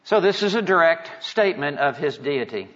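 A man preaching an expository sermon, measured and emphatic, with dramatic pauses. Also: fairly high pitch, lively intonation, a bit bright. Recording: dull reverberant hall sound.

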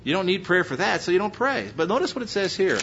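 A man's voice: big pitch swings, quick pace, a bit bright. A man with a slight Texas accent preaching a sermon as pastor, emphatic and full of rhetorical questions. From Pennsylvania. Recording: muffled recording with faint low rumble.

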